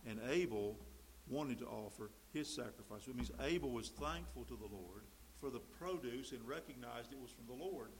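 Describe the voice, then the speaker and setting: A man preaching a sermon, emphatic, swinging between loud stresses and quiet mimicked asides. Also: medium pitch, expressive, normal speed, a little hiss or hum, poor audio. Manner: emphatic, rising and dropping to mimic quoted voices.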